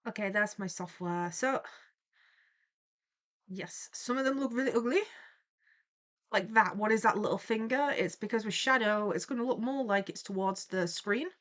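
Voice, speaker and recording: A woman's voice: mid-range voice, normal speed, long pauses, fairly bright tone. A young woman chatting casually on a live stream, greeting viewers by name in a playful, giggly way. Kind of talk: casual live-stream chat while drawing.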